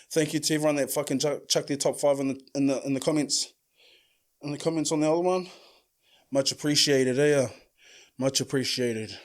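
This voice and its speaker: A man's voice: mid-range voice, brisk. Slangy, swearing New Zealand man. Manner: slangy and animated, swears freely, acts out quotes loudly. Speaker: podcast host. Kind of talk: casual storytelling monologue.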